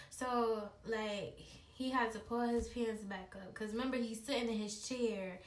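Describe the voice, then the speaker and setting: A woman's voice: a little high, steady tone, a little slow, few pauses. A woman vlogger telling a personal story in a chatty, slangy way, talking straight to her viewers. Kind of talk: casual storytime. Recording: echoey room, distant mic, faint hiss.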